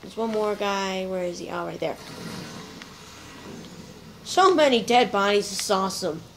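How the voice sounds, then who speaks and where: A woman's voice: medium pitch, expressive, measured pace, gravelly, fairly bright tone, a little hiss or hum, rough recording. A woman hosting a gameplay video, chatting playfully to her viewers as she plays. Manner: chatty, playful, talks to viewers while playing. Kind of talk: casual gameplay commentary.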